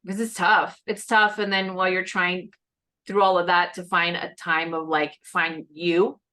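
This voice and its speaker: Woman, host, video call chat, bright tone, lowish voice, chatty, reassuring. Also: level tone, unhurried. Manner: chatty, reassuring, many fillers. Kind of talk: casual conversation on a video call.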